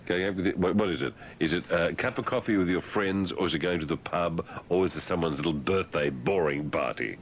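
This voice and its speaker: A man's voice: low voice, fairly quick, few pauses, muffled recording, a little hiss or hum. A man hosting talk radio, teasing and mock-condescending as he bantered with guests and callers. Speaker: radio host.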